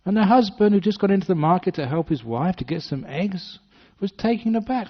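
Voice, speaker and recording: A British-born Buddhist monk in his sixties, based in Western Australia, tells a humorous story during a dharma talk, doing little voices for the characters. His voice sits high and is expressive, brisk, with few pauses, captured in a dull lo-fi recording.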